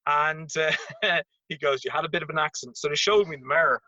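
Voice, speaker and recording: A man, a tennis coach telling an animated anecdote as an interview guest and acting out the voices in it. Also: a little high, fast talker, no echo. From Ireland. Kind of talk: casual storytelling. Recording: dull lo-fi remote audio.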